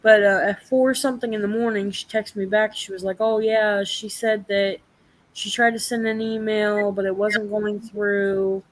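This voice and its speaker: A woman's voice: mid-range voice, normal speed, low-quality recording. A young woman telling a story in a casual live chat, swearing freely and acting out the people she quotes. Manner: profane, animated storytelling.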